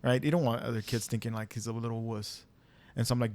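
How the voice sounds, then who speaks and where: A young podcast co-host tells a story in a casual, animated way, laughing and swearing along the way. His voice sits at medium pitch and he talks fast.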